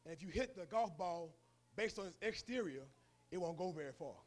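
A man's voice: high-pitched, animated, a little fast. A male preacher giving a sermon in a colloquial, storytelling manner.

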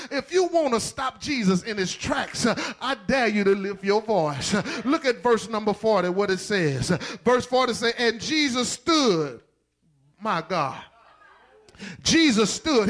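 Fiery male preacher with a very high voice, call-and-response delivery that swells into shouts. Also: lively intonation, a little slow. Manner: call-and-response preaching, rising to shouts and half-sung lines. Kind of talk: sermon.

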